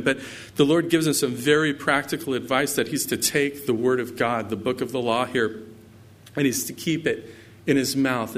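A man preaching a sermon, mixing personal stories with scripture readings in a conversational way. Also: mid-range voice. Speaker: pastor.

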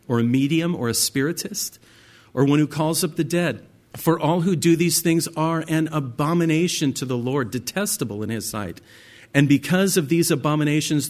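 A man teaching from the Bible as a pastor. He reads passages aloud and then explains them in a conversational way, talking to his listeners directly. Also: medium pitch. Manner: addresses listeners directly as "guys".

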